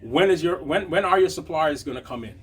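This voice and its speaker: A man's voice: a little high, expressive, fairly quick, slight background noise. A man teaching a conversational motivational lesson on business, checking in with frequent tag questions. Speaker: business coach.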